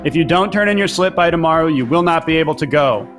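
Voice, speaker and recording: A man's voice: on the high side, quick pace, a bit bright, faint music behind, close to an everyday voice. Brief: peppy principal on the PA, done by a man, upbeat announcer delivery. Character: cheery male high school principal on loudspeaker.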